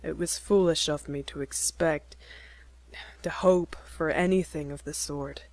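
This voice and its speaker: A woman reading as an earnest young man, speaking low and tender in a slightly altered voice. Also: steady tone, measured pace, a little mellow, dry recording.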